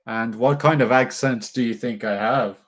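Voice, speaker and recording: A man's voice: medium pitch, normal speed. A young man casually chatting with his viewers on a livestream, swearing freely and musing aloud while he carves.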